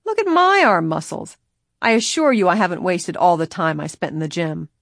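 A woman's voice: lowish voice, lively intonation, normal speed, gravelly, a bit bright, no echo, clean studio sound. A woman voicing a blunt, boastful tomboyish teenage girl in an audiobook.

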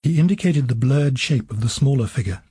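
A man narrating an audiobook in an even storytelling manner. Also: medium pitch, fairly quick, breathy edge, dry recording.

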